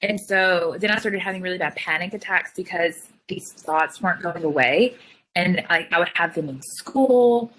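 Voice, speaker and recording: Chatty young woman, lower pitch. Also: a bit bright, slight background noise, rough recording. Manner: chatty, fillers of "like", quick retelling. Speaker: guest sharing her story. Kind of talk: casual storytelling.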